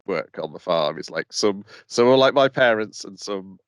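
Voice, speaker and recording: Smooth-voiced, hesitant podcast co-host. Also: male voice, fairly low pitch, expressive, moderate pace, no echo. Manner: hesitant, lots of uh and um, summarizing plots. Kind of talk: casual chat. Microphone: remote call mic.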